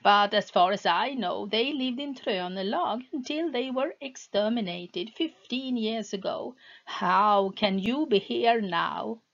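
A knowing, toothless old witch woman, read aloud by a woman. She speaks slowly and evenly. The sound is slightly dull and lo-fi. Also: mid-range voice, vocal fry, a bit bright. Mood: welcoming.

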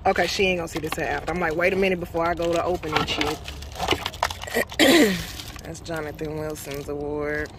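A deep-voiced woman chats casually to her vlog viewers at normal speed, cursing, laughing and calling them "y'all." She's in a car and on the go, with loud car and road noise throughout.

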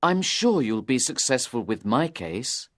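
A man's voice: mid-range voice, very animated, measured pace, no echo, clean studio sound. A man voicing a nervous young man in his twenties. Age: 20s. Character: nervous, pale young man seeking help. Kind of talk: storybook dialogue for English learners.

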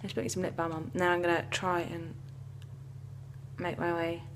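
A young woman in her twenties chats casually to camera in a rambling travel vlog, full of fillers. Her voice is lowish and level at a moderate pace, with slight background noise.

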